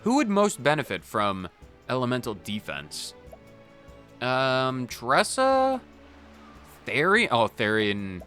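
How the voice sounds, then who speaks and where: Lively, bright-voiced male game streamer. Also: mid-range voice, slow, long pauses, soft background music. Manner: jokey and rambling. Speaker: gaming channel host. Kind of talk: casual game commentary.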